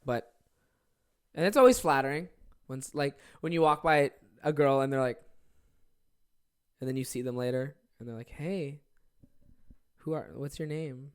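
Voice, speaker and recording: A man's voice: mid-range voice, moderate pace, pauses often, clear, resonant tone. A young man hosting his own podcast alone from his office, rambling casually with lots of swearing and self-deprecating asides. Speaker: podcast host. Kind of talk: casual solo podcast chat.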